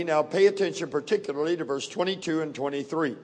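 A middle-aged man preaching a sermon, reading scripture in a measured, deliberate way and leaning on key words. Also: on the high side, darkish tone. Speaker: pastor. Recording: long hall reverb.

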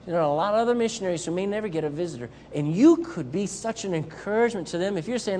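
A man's voice: high-pitched, fast, hardly any pauses, slight background noise. A man with a Southern US accent preaching a sermon as a missionary, acting out Bible characters as he goes. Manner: animated, acts out Bible characters.

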